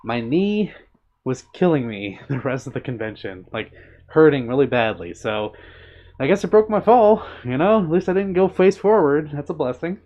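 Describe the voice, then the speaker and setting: A man's voice: a little high, very animated, moderate pace, darkish tone. A man hosting a live stream, chatting casually and answering viewers by name in an upbeat way. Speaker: livestream host reading chat. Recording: dull lo-fi stream audio.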